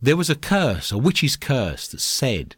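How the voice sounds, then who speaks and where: A man with an English accent hosting a podcast, chatting in a joking, animated way. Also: mid-range voice, a little slow, slightly rough, no echo, clean studio sound. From England. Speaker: podcast host. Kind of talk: casual podcast chat.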